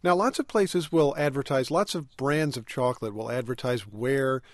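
A man's voice: mid-range voice, normal speed, dry recording. A man hosting an interview, asking curious, affable questions about food. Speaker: interviewer host. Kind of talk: interview conversation.

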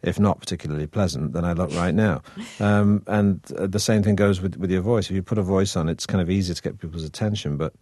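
An actor guest from Manchester speaks in a deep voice, his northern English accent softened toward received pronunciation, in a relaxed interview. He's chatty and wry, talks fast with few pauses, and fills his speech with ums and restarts. His tone is slightly mellow, and the recording is close and dry with no echo.

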